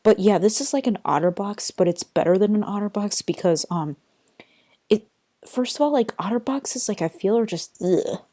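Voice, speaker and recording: A young woman, sounding tired, does a casual unboxing vlog from her bedroom, chatty and rambling with lots of fillers. She speaks at a medium pitch and normal speed in a mellow voice. It's recorded on a built-in computer mic, yet sounds dry and studio quality.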